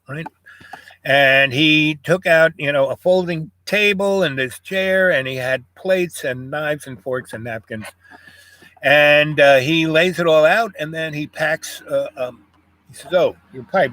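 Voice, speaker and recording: A man's voice: a little high, a bit bright. An older man from Jamaica telling a rambling personal story, full of "you know" and "um" fillers.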